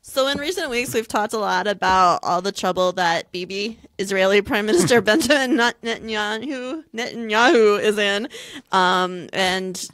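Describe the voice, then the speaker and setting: Bright, chatty woman co-host. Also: medium pitch, no room sound. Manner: chatty, enthusiastic, quick to laugh. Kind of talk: casual news chat.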